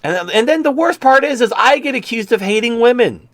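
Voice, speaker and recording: A man's voice: very high-pitched, animated, a little fast, fairly bright tone, dry recording, clean studio sound. A male talk-show host ranting in a profane, sarcastic way.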